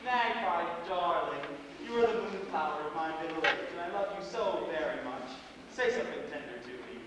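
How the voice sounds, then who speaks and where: A man's voice: on the high side, lively intonation, moderate pace, heavy background noise, lightly acted. A teenage boy acting a flamboyant, vain celebrity playwright on a school stage, with grand, affected theatrical delivery. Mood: boastful. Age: teen. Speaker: stage actor. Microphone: distant room mic. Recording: echoey school stage from far off.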